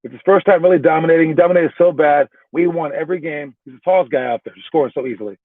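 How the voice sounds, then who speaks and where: A man's voice: on the high side, quick pace, no room sound. A young adult male basketball coach recapping a training session and telling a story in a casual, chatty way, with fillers and restarts. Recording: tinny phone-like sound.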